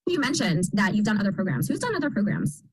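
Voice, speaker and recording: A woman's voice: mid-range voice, very animated, quick pace, a little mellow, breathy edge, rough recording. A woman coach leading a casual group video call, affirming the others as she talks.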